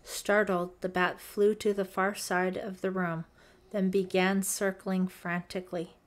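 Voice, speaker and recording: A woman narrating a teen horror audiobook in a measured, suspenseful reading. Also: medium pitch, little pitch movement. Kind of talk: scripted narration.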